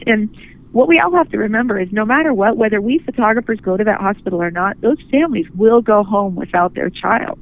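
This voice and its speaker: A woman guest, a photographer, speaking earnestly and gently in a phone interview, often restarting her sentences. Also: mid-range voice, brisk. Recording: tinny phone line.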